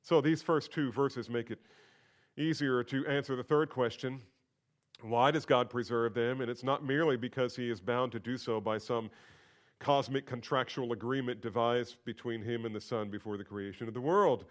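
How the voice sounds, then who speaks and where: A man preaching a sermon, repeating phrases for emphasis and swinging between loud, emphatic peaks and quiet, low asides. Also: fairly even intonation, normal speed. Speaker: pastor.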